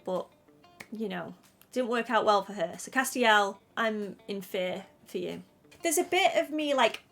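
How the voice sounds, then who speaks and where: A woman with a northern English accent from around Manchester, chatting effusively to camera about a TV series and laughing often. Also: medium pitch. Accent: northern English, Manchester area. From northern England. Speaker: YouTuber reviewing a TV series. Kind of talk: casual chat to camera.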